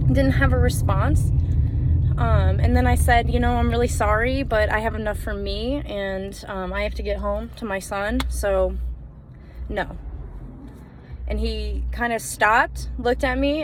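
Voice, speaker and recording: A woman self-defense instructor talks straight to the camera, telling a cautionary story in an earnest, chatty way full of little fillers. Her voice sits a touch high. Faint traffic noise drifts in from outdoors.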